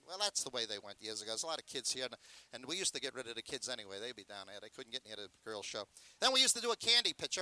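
Old carnival pitchman guy on a festival stage, high sharp voice, loud joking sales patter. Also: no echo. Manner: brash, joking showman's patter, loud sales pitches between chatty asides. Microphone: handheld microphone.

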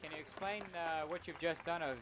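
Quiet man asking questions, noisy. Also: a little high, a little fast. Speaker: interviewer. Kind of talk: interview questions.

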